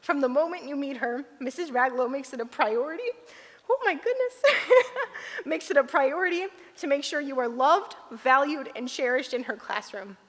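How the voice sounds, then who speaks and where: A graduating student in her late teens reads a heartfelt speech to her teachers at a ceremony, laughing often and getting emotional. Her high, expressive voice is a bit bright and moves at normal speed, with long hall reverb around it.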